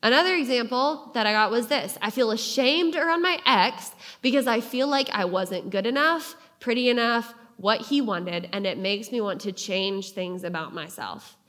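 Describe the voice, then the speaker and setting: A woman giving a sermon, earnest, slowing down and pausing to stress key phrases. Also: on the high side, a bit bright. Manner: earnest, with slow emphatic pauses on key phrases. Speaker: speaker giving a devotional talk.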